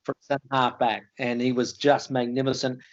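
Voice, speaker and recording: Older Australian man, colloquial storyteller, medium pitch, dull lo-fi call audio. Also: level tone, moderate pace. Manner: yarn-spinning, colloquial, laughs at his own stories. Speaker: retired footballer guest. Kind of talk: casual interview chat.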